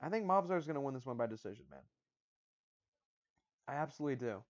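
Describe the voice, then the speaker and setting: A man's voice: mid-range voice, sing-song, fast. A man hosting a fight-predictions channel, talking casually, repeating his picks and stumbling over restarts. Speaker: MMA predictions channel host. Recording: dull lo-fi audio.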